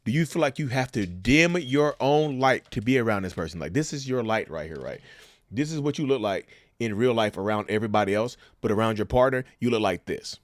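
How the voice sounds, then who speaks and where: A man's voice: mid-range voice, expressive, brisk, no room sound. A man giving casual, emphatic commentary on relationships, asking the viewers rhetorical questions and calling them y'all. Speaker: commentator sharing a narcissist's view.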